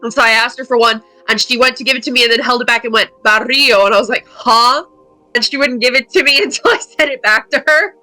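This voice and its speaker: A young woman telling an animated story in casual chat among tabletop players, laughing as she talks. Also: a little high, racing, hardly any pauses, faint music behind, low-quality recording.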